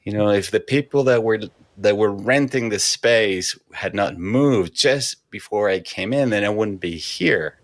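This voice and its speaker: A man hosting a meditation livestream in casual chat, relaxed and unhurried, greeting viewers by name from a small studio office. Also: on the low side, no room sound. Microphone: studio microphone.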